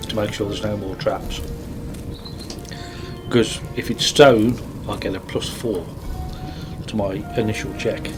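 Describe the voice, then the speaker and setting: A man's voice: fairly low pitch, fairly even intonation, a little slow, pauses often, over music. A man playing a tabletop game who talks about his character in a playful, casual way. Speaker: player.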